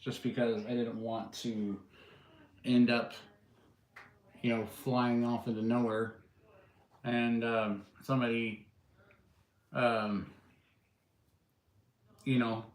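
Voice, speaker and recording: Man, casual live-stream host, rambling and loose, mid-pitched, echoey room. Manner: rambling, with many fillers and restarts. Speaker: livestream host and drone builder. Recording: roomy echo.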